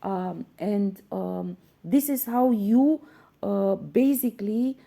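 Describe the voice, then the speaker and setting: Woman preaching about spirit stuff, earnest, lots of ums, kinda gravelly voice. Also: medium pitch, slow, dark tone. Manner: earnest, insistent, many fillers and restarts. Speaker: spiritual channel host. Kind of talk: spiritual teaching monologue.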